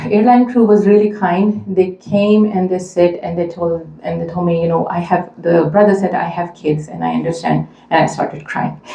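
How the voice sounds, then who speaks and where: A woman with a lowish, warm voice talks to a community audience as a mother, telling a personal story. She speaks earnestly and conversationally with many fillers, in an echoey room.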